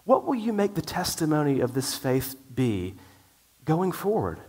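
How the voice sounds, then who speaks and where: A man's voice: fairly high pitch, big pitch swings, unhurried, darkish tone, slightly rough. A middle-aged male pastor preaching a sermon in an earnest way, with frequent restarts.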